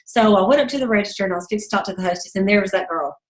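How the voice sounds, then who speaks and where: Leading a sales team call, a woman tells a story in a chatty, motivational way, quoting others in a high voice. She speaks at a racing pace, and the room is echoey.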